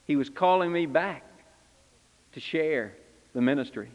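A man's voice: fairly high pitch, unhurried, darkish tone, big-room sound, highs cut off, natural voice. A man preaching in character as Simon Peter, an impulsive, repentant fisherman, telling his story in first person with earnest, confessional feeling. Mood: stirred. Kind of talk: first-person dramatic sermon monologue.

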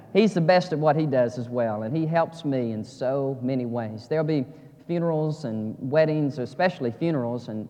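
Folksy preacher in a reverberant church. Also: male voice, mid-range voice, a little mellow. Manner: folksy, emphatic, rising into fervent preaching. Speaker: guest pastor preaching a revival service. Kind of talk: sermon. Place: church sanctuary. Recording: long hall reverb of a church.

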